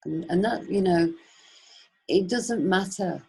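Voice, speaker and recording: Woman, deep, raspy, husky, casual storytelling, acts out quoted voices. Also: a little slow, rough recording. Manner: animated, acts out quoted voices, many restarts. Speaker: webinar speaker.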